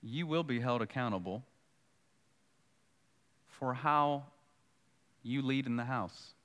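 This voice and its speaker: A man's voice: mid-range voice, slow, a bit bright, in a large hall. A man preaching a sermon in a conversational way, repeating key points for emphasis and acting out the dialogue of scripture. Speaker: pastor.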